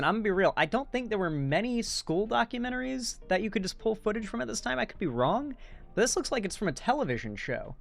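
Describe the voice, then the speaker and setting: A young man giving casual, blunt commentary while reacting to a video, rambling and correcting himself as he goes. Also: sits high. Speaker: commentary streamer. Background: faint background music.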